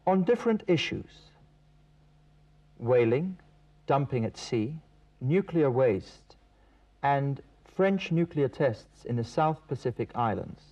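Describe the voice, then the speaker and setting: A male presenter of a TV English course reads his scripted lines in a clear, deliberate teaching manner. His pitch is mid for a man and moves a lot. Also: big pitch swings, mellow.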